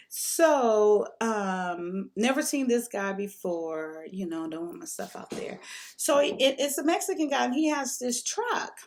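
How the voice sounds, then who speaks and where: A woman's voice: mid-range voice, very animated, measured pace, darkish tone. A woman vlogger telling a story at home in a chatty, rambling way. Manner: chatty, rambling, many fillers. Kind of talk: casual storytime.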